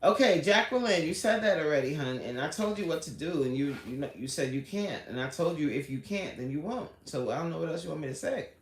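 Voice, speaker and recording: A woman's voice: sits low, animated, fast, hardly any pauses. Chatty woman livestreaming in an echoey room. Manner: chatty, answers the live chat by name, storytelling. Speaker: livestream host chatting with viewers. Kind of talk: casual livestream chat. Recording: roomy echo, faint background noise.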